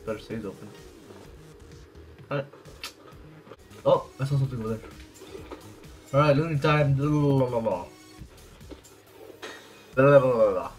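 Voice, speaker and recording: A man giving casual, profane video game commentary, jumpy and quick to laugh at himself. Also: medium pitch, a little mellow, faint music behind. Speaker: gameplay commentator.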